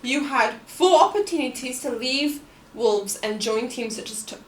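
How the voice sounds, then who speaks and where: A woman with a high, very lively voice asks interview questions with playful giggles. The room is echoey, with a faint noise underneath. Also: normal speed. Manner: bubbly, giggly. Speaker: podcast co-host.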